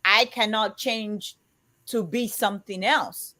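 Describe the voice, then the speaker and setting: Loud, emphatic woman in her fifties. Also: mid-range voice, steady tone, slow. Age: 50s. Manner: loud, emphatic, talks as if shouting. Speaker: co-host of a live chat show. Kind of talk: casual chat.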